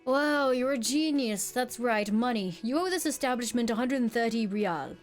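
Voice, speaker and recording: A woman's voice: a little high, lively intonation, normal speed, faint music behind, close to an everyday voice. A woman reading a curt, grumpy hotel manager. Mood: sarcastic. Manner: curt, impatient. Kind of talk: reading game dialogue aloud.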